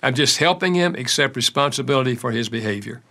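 Older guy author, gravelly bright voice, tells little stories and acts out the dialogue. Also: medium pitch, expressive, fast. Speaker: author and counselor. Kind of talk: storytelling interview answers.

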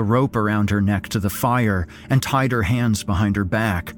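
A man's voice: lowish voice, normal speed, faint music behind. A man narrating a first-person horror story in a grim, dramatic way.

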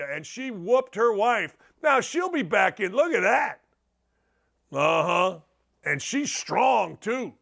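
A man's voice: high voice, gravelly, fairly bright tone. A man hosting a sports talk show, riffing through a brash, wisecracking monologue. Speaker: sports radio host.

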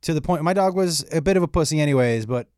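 Quick and clear, this middle-aged man's slightly high voice has a resonant tone, captured in clean studio sound with no room echo. A comedian guest in a casual conversation, he tells a story animatedly, performing the dialogue and cursing freely.

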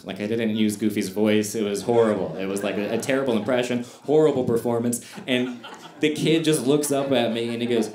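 A man's voice: mid-range voice, fairly quick, a little mellow, reverberant. A man doing stand-up comedy on stage, telling stories in a loose, conversational way. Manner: conversational storytelling with fillers and asides.

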